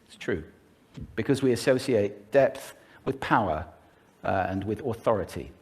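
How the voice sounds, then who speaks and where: A man giving a polished public talk on speaking, animated and demonstrative as he shows off pitch, pace and volume. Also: a little slow. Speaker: speaker on voice and communication. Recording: played from a recorded talk.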